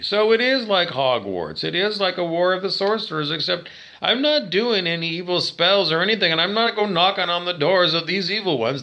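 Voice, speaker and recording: High, lively ranting man. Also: gravelly. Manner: ranting, asks and answers his own questions, profane. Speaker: vlogger. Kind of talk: direct-to-camera monologue.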